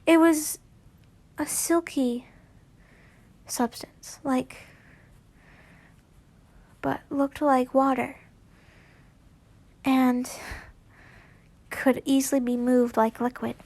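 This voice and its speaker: A woman reads a fanfiction story aloud in a high, unhurried voice. She stumbles over words now and then and slips into giggly commentary. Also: flat delivery, darkish tone. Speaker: fanfiction reader.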